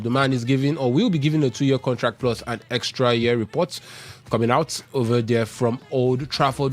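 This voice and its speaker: A man hosting a live radio sports show, talking through football news and reading out contact details in a brisk, repetitive way. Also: mid-range voice. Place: radio studio.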